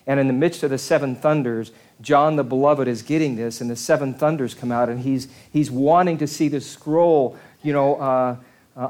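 Man preaching with dramatic swings. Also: medium pitch. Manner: dynamic, swings from quiet murmurs to loud acted outbursts; conversational, asks the audience questions. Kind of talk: sermon.

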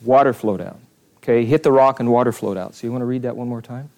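Man, pastor, Bible study teacher, animated, asks questions, shifting pace. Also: medium pitch. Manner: animated, questioning the room, speeds up and slows down.

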